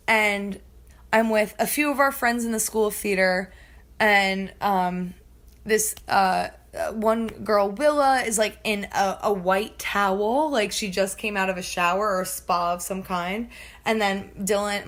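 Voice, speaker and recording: With a medium-pitched, fairly bright voice, the young podcast host rambles through a long anecdote in easygoing chat. "Like" turns up constantly, and she mimics the people she's quoting.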